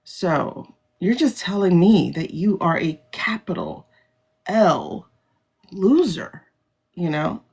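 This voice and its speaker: Hosting a casual phone livestream, a woman speaks bluntly and very animatedly, laughing frequently and swearing freely. Her lowish voice is gravelly, darkish, and breathy-edged, and she talks at a slow pace with long pauses.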